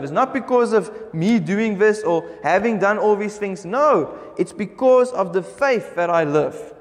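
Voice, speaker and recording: A man preaching a sermon as pastor, speaking emphatically and slowing right down whenever he reads scripture aloud. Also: high voice, in a large hall. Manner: emphatic preaching, slows down when reading scripture. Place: church hall.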